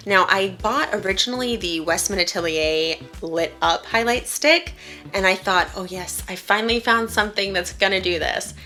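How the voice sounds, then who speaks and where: A woman's voice: lowish voice, pushed and bright. A woman beauty vlogger gushing enthusiastically as she reviews her favorite makeup products.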